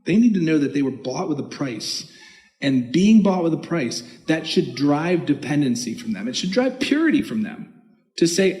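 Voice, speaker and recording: A man preaching a sermon as pastor, animated, reading scripture aloud in old-fashioned wording. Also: on the high side, normal speed. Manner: animated preaching with short laughs. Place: church sanctuary. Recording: long reverb of a church hall.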